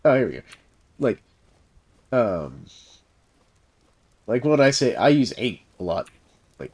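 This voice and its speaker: A man's voice: deep voice, lively intonation, a little slow, pauses often, a little mellow. A man with a Southern US accent chatting casually while streaming a game, rambling through stories with lots of fillers and chuckles. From Southern United States. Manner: rambling storyteller, heavy fillers, chuckles through his tale. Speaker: game streamer and server host. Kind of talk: casual chat while gaming on a live stream.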